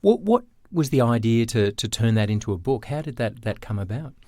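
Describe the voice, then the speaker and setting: A man's voice: medium pitch, sing-song, a little fast, warm tone, no room sound, clean studio sound. A man hosting a podcast interview, asking long, searching questions with restarts. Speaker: podcast host.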